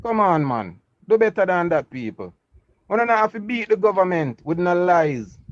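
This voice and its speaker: A man's voice: high-pitched, sing-song, normal speed, no echo, muffled recording. A man with a Jamaican accent arguing politics in a heated call-in debate, combative and repetitive, slipping into Patois. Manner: combative, repeats himself, Jamaican Patois phrasing. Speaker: political caller.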